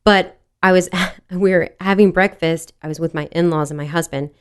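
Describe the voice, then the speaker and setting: Animated woman telling a story. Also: on the low side, normal speed, clear, resonant tone. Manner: animated, acts out quotes in dialogue. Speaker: podcast guest. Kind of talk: casual interview storytelling.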